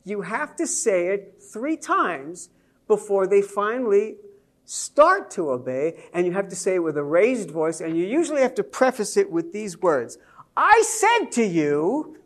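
A man preaching a sermon to a congregation, telling a family story and building to emphatic points. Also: high voice. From Jewish believer speaking to a congregation. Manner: storytelling, animated, rising to emphatic peaks.

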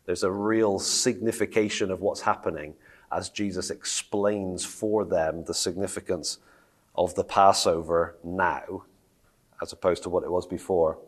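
Guy with a lowish voice teaching bible study, reading verses and asking the group stuff. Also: level tone, a little slow. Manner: reads scripture aloud and asks the group questions.

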